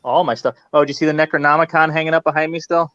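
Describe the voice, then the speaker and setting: A man's voice: a little high, fairly even intonation, very fast, a bit bright, no echo. Jokey man in his forties on a dull call line. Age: 40s. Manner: jokey, easygoing. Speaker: guest prop and mask maker. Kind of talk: casual video-call interview. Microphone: video call. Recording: dull, dry video-call audio.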